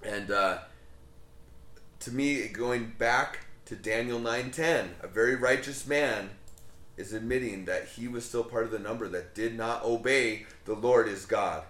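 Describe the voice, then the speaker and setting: A man's voice: medium pitch, measured pace, fairly bright tone, roomy sound. A man leading a Bible study, talking conversationally with rhetorical questions and frequent ums.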